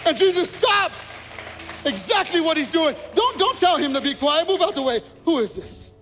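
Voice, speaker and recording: A man's voice: extremely high pitch, animated, moderate pace, bright, forceful tone. A man preaching a sermon as pastor, repeating his phrases as he builds intensity. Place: church sanctuary. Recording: long church reverb with faint music.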